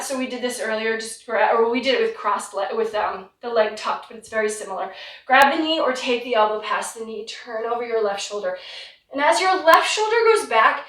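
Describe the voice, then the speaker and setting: A woman leading a guided yoga class from home, giving relaxed, encouraging cues while slightly out of breath. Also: on the high side. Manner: relaxed, encouraging cues with light self-deprecation. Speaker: yoga instructor. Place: home practice room. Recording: roomy sound from a distant mic.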